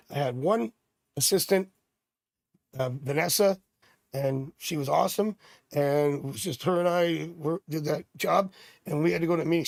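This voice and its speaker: A man's voice: fairly high pitch, vocal fry, no room sound, clean studio sound. A middle-aged man hosting a live tarot stream, chatting casually and drifting off into rambling personal stories. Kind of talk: casual livestream chat.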